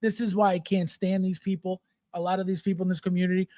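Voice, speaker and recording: A man's voice: high voice, fairly quick, a bit bright, no room sound. Host, man, middle-aged; sarcastic, profane rant, dry room sound. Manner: blunt, mocking, swears freely, mimics fans. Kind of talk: ranting live-stream chat.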